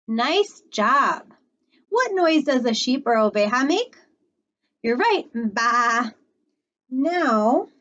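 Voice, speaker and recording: A woman librarian teaching small children animal words, slow and encouraging, with cheerful praise. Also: sits high, highs cut off.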